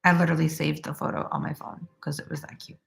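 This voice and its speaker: Her voice sits low and stays level, fairly quick, gravelly yet fairly bright, as this twenty-something crochet streamer reads viewer comments aloud. She keeps things loose and chatty, peppering her speech with "like" and laughing easily.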